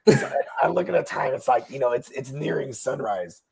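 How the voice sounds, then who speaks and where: A man's voice: medium pitch, lively intonation, brisk, gravelly, crowd noise. A young man casually telling a long, rambling story, swearing and laughing along the way. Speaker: podcast host.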